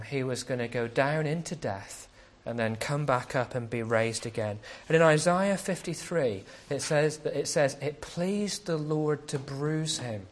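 A man's voice: medium pitch, slight background noise. A man preaching a sermon as a pastor, speaking conversationally and often asking rhetorical questions.

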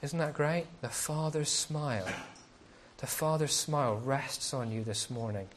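A man's voice: mid-range voice, measured pace, slight background noise. A man preaching a sermon as a pastor, speaking conversationally and often asking rhetorical questions.

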